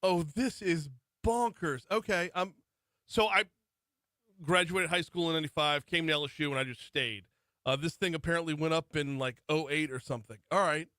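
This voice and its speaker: A man in his forties from Louisiana hosts a radio talk show, and his voice sits a little on the higher side. He interviews his guest in an easygoing, chatty way. His studio sound is close and dry. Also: brisk, sharp tone, dry recording. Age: 40s. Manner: easygoing and chatty, laughs easily.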